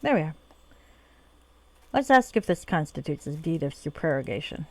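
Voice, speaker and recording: A woman's voice: low-pitched, sing-song, moderate pace, long pauses, darkish tone, dry recording. A woman streamer casually talking through a game and reading its dialogue aloud. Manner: chatty, reads dialogue aloud, laughs easily.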